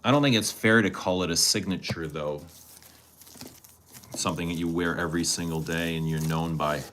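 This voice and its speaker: A man's voice: low-pitched, normal speed, a bit bright, a little hiss or hum. A man chatting casually with his live-stream audience, teasing viewers and answering their questions. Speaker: fragrance streamer.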